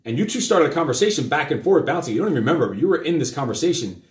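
Hosting a live show, a man with a fairly high voice and lively intonation talks rapid-fire as he tells his children a story. He's rambling, profane, and casual, with many fillers, and the room gives a roomy echo.

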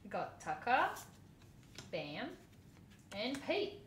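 A woman's voice: mid-range voice, very animated, drawn-out words. A woman chatting casually through a card unboxing, giggling and squealing over cute cards. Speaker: vlogger. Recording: echoey room, faint noise.

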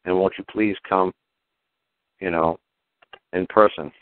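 A man's voice: deep voice, steady tone, unhurried, a little hiss or hum. A man putting on the voice of a pleading little beggar boy, over a tinny phone line. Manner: whining, begging tone.

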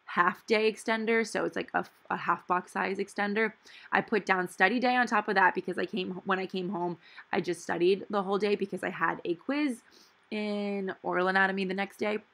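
A young woman in her twenties, a planner vlogger studying dental hygiene, rambles casually through her week in a chatty voice-over as she plans, with playful asides. She has a mid-range voice that is gravelly, bright and forceful.

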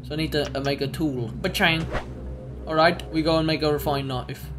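A young man giving excitable, swear-filled let's play commentary as a YouTuber. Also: fairly high pitch, moderate pace, over music. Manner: excitable, swears a lot, bursts into yelps. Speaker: gaming YouTuber.

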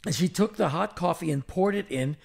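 Gravelly man joking on a podcast. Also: high-pitched, a little fast. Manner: joking, rambling storyteller. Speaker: podcast co-host. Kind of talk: casual chat and read ad.

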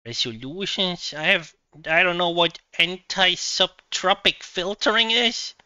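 A woman streamer with a piercingly bright voice that swoops up and down as she thinks out loud. She talks slowly, laughs a lot and swears freely, and the sound is dry and close. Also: lowish voice, expressive, smooth, dry recording, dull audio. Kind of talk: live game stream chat. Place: home computer setup.

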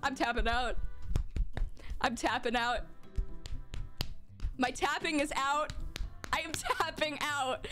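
A woman's voice: high voice, steady tone, takes it slowly, long pauses, sharp tone, soft background music. A young woman streaming a game live, giggling and reacting in bemused disbelief as she reads its text aloud.

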